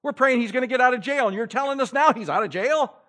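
Incredulous, exasperated believers, a pastor doing them; high voices. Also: male voice, fast talker, pushed and bright. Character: incredulous group of praying believers.

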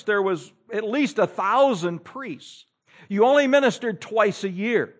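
A male pastor preaching with animated, humorous storytelling. His voice sits slightly high and swings widely in pitch. He acts out scenes as he goes. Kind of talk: sermon.

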